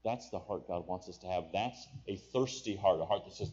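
A man preaching a sermon, swinging from low, quiet urging to loud, impassioned pleading. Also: moderate pace, few pauses, slightly rough, dull audio.

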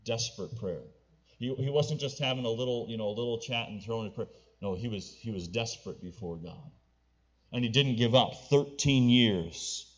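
A male preacher delivering a sermon to his congregation. He drops to low, hushed appeals, then climbs to loud, pleading cries. The recording sounds slightly dull and lo-fi. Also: normal speed.

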